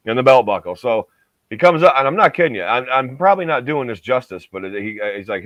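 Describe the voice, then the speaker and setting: A man tells a rambling story in a casual podcast chat, his pitch swinging up and down as he goes. The sound is dull and lo-fi, and the room is very dry. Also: fast talker, dry recording. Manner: rambling, animated, swears freely. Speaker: podcast host.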